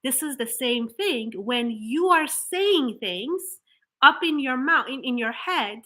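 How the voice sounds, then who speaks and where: A woman's voice: sits high, slow. A woman manifestation coach giving an earnest motivational talk to camera, explaining with rhetorical questions and restarts. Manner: acts out flat, hollow example affirmations.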